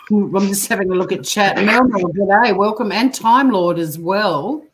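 An Australian woman hosts a casual comedy live stream, playful and quick to laugh. She reads comments from chat aloud in a medium-pitched voice. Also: noisy background.

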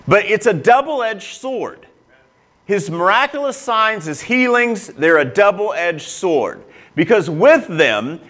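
Male pastor, sermon delivery, higher register, earnest and confessional. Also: a bit bright. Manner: earnest, emphatic preaching with repeated phrases; personal and confessional, with frequent restarts.

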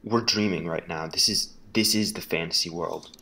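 A man's voice: low-pitched, moderate pace, creaky, pushed and bright, breathy edge, voice pushed down, exaggerated voice, low-quality recording. A man voicing a frightened, secretive friend in a horror game, giving urgent, insistent warnings. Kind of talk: reading a horror game character's lines.

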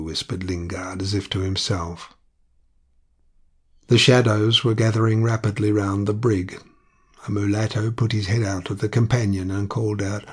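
A man narrating an audiobook in a measured, even manner. His voice is low and husky.

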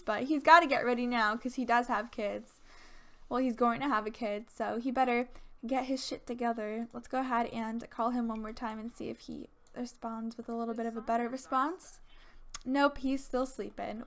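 A woman hosting a let's play, giving casual gameplay commentary in a bubbly, gushing, excitable way. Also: a little high.

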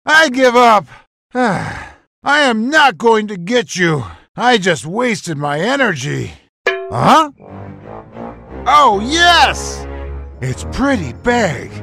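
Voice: mid-range voice, creaky, pushed and bright, full character voice. A performer voicing a hungry, bumbling carnivorous dinosaur villain in a cartoon, blustering and huffing between greedy boasts. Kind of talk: cartoon voice acting.

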